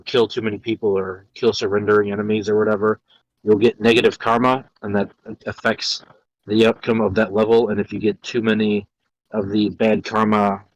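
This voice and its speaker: A man's voice: fairly low pitch, dry recording, dull audio. A young man co-hosting a podcast who rambles casually about a video game, with many restarts. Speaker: podcast co-host. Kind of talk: casual chat.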